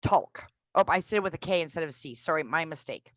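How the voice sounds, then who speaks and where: A woman teaching an English pronunciation class online. She explains patiently and repeats each example slowly. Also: deep voice, lively intonation, a bit bright, no echo, dull audio.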